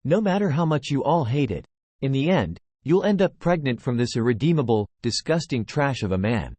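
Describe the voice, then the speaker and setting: A man's voice: mid-range voice, sing-song, normal speed, darkish tone, dry recording. Smug taunting young man, read by a male narrator. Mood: gloating. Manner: mocking, gloating delivery.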